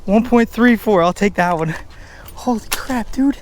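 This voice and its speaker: A young man from Delaware filming his own fishing trip, exclaiming and chatting excitedly beside a pond. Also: high voice, a little slow, soft background music. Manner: excitable, exclaiming, mild slang. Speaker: fishing vlogger. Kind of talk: excited casual vlog commentary. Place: outdoors by a pond.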